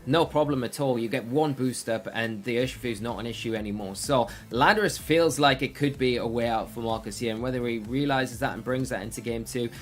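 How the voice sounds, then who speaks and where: A man's voice: medium pitch, fairly quick, hardly any pauses. A man commentating a competitive game match, breaking down plays analytically and thinking aloud with frequent restarts. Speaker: esports commentator.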